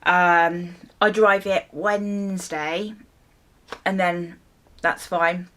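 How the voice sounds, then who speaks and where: A young woman chats through a story as she gets ready, in an easy, unhurried way. Her voice sits a touch low for a woman, and she throws herself into the retelling with exasperated asides and little bursts of swearing. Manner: animated storytelling with mild swearing and acted-out reactions. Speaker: beauty vlogger. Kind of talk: casual storytime while doing hair.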